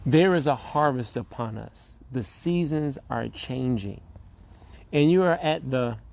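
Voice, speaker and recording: Slow, gravelly man with crickets behind. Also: mid-range voice, a little mellow. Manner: measured, preacher-like cadence with long pauses. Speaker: co-host, relationship coach. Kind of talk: slow motivational talk.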